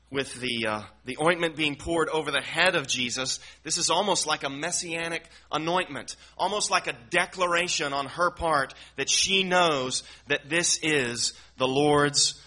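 A man's voice: fairly high pitch, sharp tone. A man teaching through a Bible passage verse by verse, earnest and explanatory, often repeating words as he works through a thought. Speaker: preacher.

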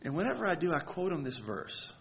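A man's voice: a little high, big pitch swings, fairly quick, creaky, a bit bright. A man preaching a sermon, earnest and emphatic, leaning hard on key words. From United States.

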